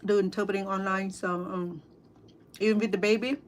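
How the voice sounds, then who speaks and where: A middle-aged woman with a Cambodian accent, chatting casually with livestream viewers over dinner at home, halting, full of fillers and restarts. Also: mid-range voice, steady tone, heavy background noise. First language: Khmer. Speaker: cooking vlogger and interpreter. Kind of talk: casual livestream chat while eating.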